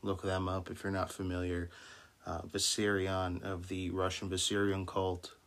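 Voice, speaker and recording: A man speaking as a minister, giving an informal Bible talk with many restarts and fillers, then reading scripture slowly. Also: low-pitched, monotone, fairly bright tone. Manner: slow deliberate scripture reading.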